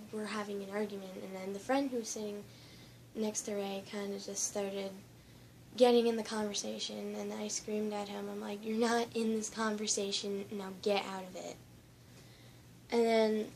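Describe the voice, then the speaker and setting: Teenage girl, student, rambling vlog storytelling, shaken, flat delivery, noisy home recording. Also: mid-range voice. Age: teens. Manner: shaken, rambling retelling, shifting between quiet and loud.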